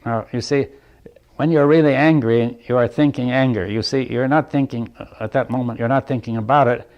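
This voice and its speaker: A man giving a reflective talk to a group, thinking aloud in halting phrases, checking in with "right?" and chuckling lightly between points. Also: mid-range voice, steady tone, muffled recording. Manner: thoughtful, halting, often asks "right?". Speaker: speaker leading a group dialogue.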